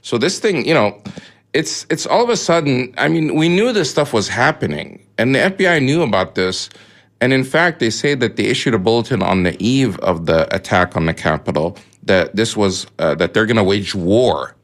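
A man's voice: lowish voice, expressive, normal speed. A man co-hosting a radio talk show, explaining news in a chatty way with fillers and asides.

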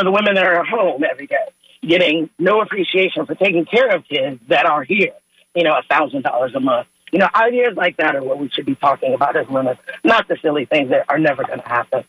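A woman calling in to a radio show, giving an earnest, measured comment. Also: sits low, husky, dry recording, dull audio. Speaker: caller. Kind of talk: call-in comment.

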